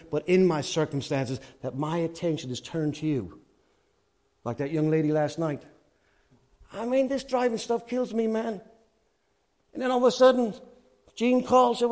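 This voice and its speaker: An Irish preacher with a notably high voice delivers a sermon. He tells anecdotes with rising excitement and laughter, then drops to a soft, earnest hush for his appeals. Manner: animated storytelling, swinging from loud and excited to hushed and earnest.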